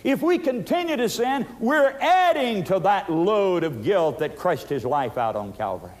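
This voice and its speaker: A man in his sixties preaches with dynamic force, his fairly high voice rising into urgent, pleading questions and dropping to a near-hush. He keeps calling his listeners "friends" and presses them hard for an answer. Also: sing-song, moderate pace. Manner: dynamic, dramatic swings from loud pleading to hushed intensity. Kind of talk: evangelistic sermon.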